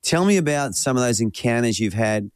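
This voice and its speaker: A man's voice: mid-range voice, expressive, brisk, no echo. A man hosting a talk show, encouraging his guest as he asks questions. The recording is dry and close. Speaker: host. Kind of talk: interview questions.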